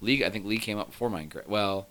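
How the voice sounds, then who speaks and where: A man with a very deep voice that still rings bright and forceful. He tells chatty, animated stories about games, often filling pauses with "like" and "um". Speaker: podcast co-host. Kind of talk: casual chat.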